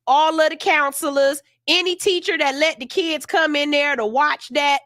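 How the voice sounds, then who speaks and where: A woman's voice: sits high, fairly bright tone, no room sound, clean studio sound. A woman hosting a morning radio show, ranting in outrage with profanity, then reading news stories aloud. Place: radio studio.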